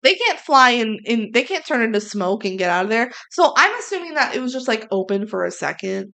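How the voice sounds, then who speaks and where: A woman co-host with a slightly high voice, recapping a movie in loose, lively chat. She keeps slipping into quick impressions of the characters' lines. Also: creaky. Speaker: podcast co-host.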